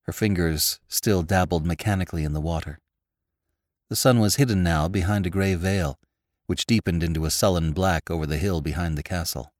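A man narrating a classic story for a podcast in a measured, expressive storytelling manner. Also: low-pitched, no echo, clean studio sound. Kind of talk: audiobook narration of classic fiction.

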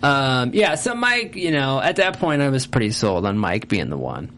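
A man chatting casually as a podcast co-host, recapping a TV episode and acting out characters' lines with big pitch jumps. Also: sing-song, moderate pace, a crowd in the background.

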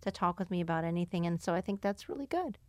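A woman in her thirties hosting a casual podcast chat, telling stories in an animated, giggly way. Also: on the low side, fast, no room sound. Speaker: podcast host.

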